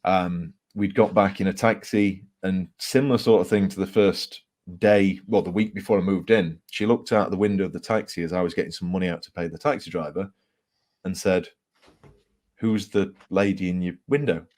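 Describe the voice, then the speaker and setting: This author from England has a deep voice and talks fairly quickly. As a guest in a relaxed interview, he spins ghost stories with lively energy, laughing and using plenty of fillers.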